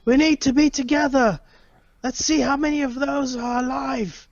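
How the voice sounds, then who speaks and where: A man voicing a male gladiator who shouts for the fighters to band together. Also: very high voice, steady tone, moderate pace, no room sound, dull audio, voice pushed up. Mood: urgent. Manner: loud urgent shouting.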